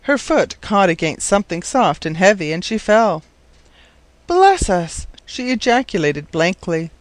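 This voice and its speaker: Audiobook narrator: male, measured storytelling, fairly high voice, dry close recording. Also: expressive, no room sound. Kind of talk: scripted narration.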